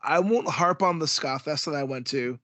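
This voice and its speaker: A man hosting a casual podcast chat, his voice a little strained from yelling, animated and quick to laugh. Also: on the high side, dry recording. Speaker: podcast host.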